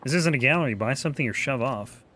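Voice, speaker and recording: A man voicing a gruff male weapon merchant in a samurai video game, talking bluntly. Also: medium pitch, expressive, fast, fairly bright tone, slight background noise, voice pushed up, lightly acted. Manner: blunt, grumbling.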